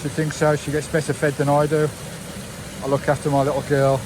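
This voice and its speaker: A man's voice: fairly high pitch, monotone, fairly quick. Chatty man vlogging on a noisy trail. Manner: chatty and rambling, keeps calling out to the viewers and his dog. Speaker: vanlife vlogger. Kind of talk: casual walking vlog chat to viewers. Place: outdoors on a wooded hillside trail by a stream. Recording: noisy outdoor recording.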